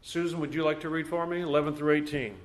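A man's voice: on the high side, fairly even intonation, fast talker. A man leading a Bible study class in a conversational way, asking the group questions.

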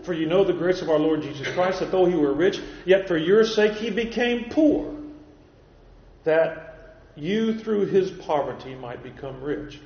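High-voiced man preaching in an echoey hall. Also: animated, unhurried, a little hiss or hum. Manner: emphatic, quoting scripture, rising for stress. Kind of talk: expository Bible sermon. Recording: echoey hall, dull lo-fi sound.

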